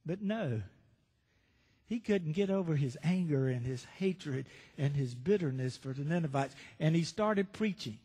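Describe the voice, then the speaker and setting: Male pastor, sermon storyteller, high voice; reverberant sanctuary. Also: animated, unhurried, warm tone, slightly rough. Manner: storytelling, rhetorical questions to the congregation. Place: church sanctuary. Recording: reverberant church hall.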